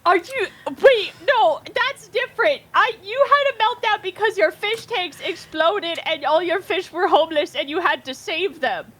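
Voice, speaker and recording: High-voiced woman telling animated stories. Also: normal speed, few pauses. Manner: animated storyteller, acts out her own past outbursts. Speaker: guest streamer. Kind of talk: casual chat.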